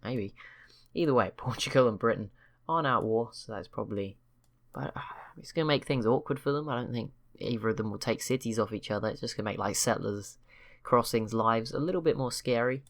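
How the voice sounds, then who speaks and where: A man's voice: medium pitch, brisk, vocal fry. A man hosting a strategy game channel, chatting casually over gameplay with rambling, self-correcting remarks and wry teasing asides. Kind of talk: casual let's-play commentary.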